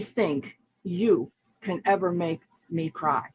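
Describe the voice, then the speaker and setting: A woman speaks slowly with a husky voice. She taunts in a contemptuous tone and keeps repeating her challenges. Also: fairly low pitch, lo-fi sound. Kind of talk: heated online argument.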